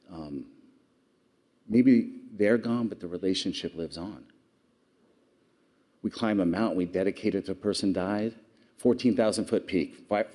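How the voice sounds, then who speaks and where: A man's voice: deep voice, warm tone. A man giving an earnest public speech, telling stories and asking the audience questions. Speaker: award speaker.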